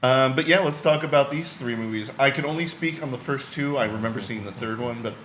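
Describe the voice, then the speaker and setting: A man's voice: mid-range voice, brisk, a bit bright, roomy sound. A man co-hosting a casual movie podcast, talking in a laid-back, joking way with some casual swearing. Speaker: podcast co-host. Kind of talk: casual chat.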